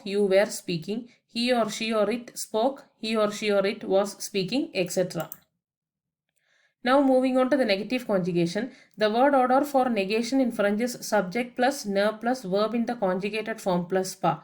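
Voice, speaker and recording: A woman's voice: medium pitch, moderate pace, darkish tone. Woman teacher spelling out words. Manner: methodical, spells words out letter by letter; explains each point with English translations. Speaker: French teacher. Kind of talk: grammar lesson voice-over.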